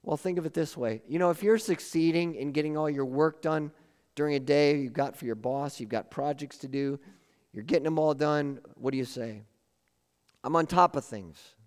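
A man's voice: fairly high pitch, moderate pace, a little mellow. A man preaching a sermon with emphatic repeated phrases and questions to the congregation. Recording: long hall reverb.

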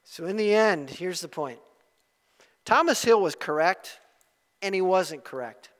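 A male pastor delivers an impassioned sermon in a high, bright voice. His preaching swells to fervent, loud peaks and then falls back quiet. The sound rings with the long reverb of a church hall. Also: lively intonation, a little slow.

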